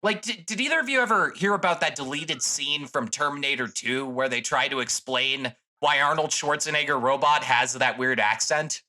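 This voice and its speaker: Bright-voiced, rambling young man. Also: on the high side, moderate pace, hardly any pauses. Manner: profane, rambling, with many restarts. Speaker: podcast co-host. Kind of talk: casual chat.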